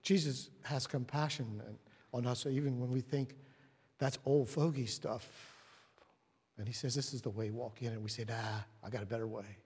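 Husky preacher in a reverberant hall. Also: male voice, mid-range voice, steady tone, normal speed. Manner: swings from hushed whispers to loud emphatic lines; storytelling, acts out quoted voices. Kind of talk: sermon. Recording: long reverb of a large hall.

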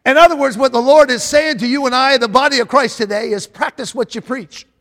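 A man preaching a sermon, often repeating phrases, calling out to his congregation for a response, and rising to shouts at the peaks. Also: very high voice, a little fast. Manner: rises to shouting at climaxes. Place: church sanctuary. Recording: long reverb of a large hall.

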